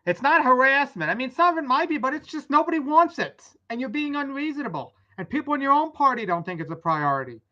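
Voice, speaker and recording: Swearing freely, a blunt, exasperated young woman rambles through casual vlog commentary as host. She talks fast in a high, sing-song voice with a sharp tone and few pauses, captured on dull lo-fi audio.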